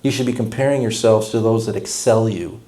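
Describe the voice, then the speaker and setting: Male pastor, sermon delivery, folksy and impassioned, mellow dark voice. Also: lowish voice, brisk. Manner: folksy, blunt, impassioned preaching.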